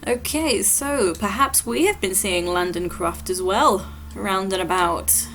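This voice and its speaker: A woman giving relaxed, explanatory commentary while playing through a game level. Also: medium pitch, unhurried, few pauses, a little hiss or hum. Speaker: gameplay walkthrough host. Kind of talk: casual gameplay commentary.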